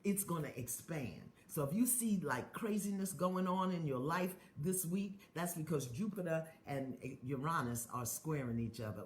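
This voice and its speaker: A woman's voice: deep voice, expressive, normal speed, hardly any pauses, reverberant. A middle-aged woman from the United States leading viewers through spoken affirmations on a live stream, chanting lines and urging them on between comments. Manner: chanting affirmations, call-and-response exhortations; greets viewers by place, reads comments aloud. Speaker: spiritual teacher hosting a live stream.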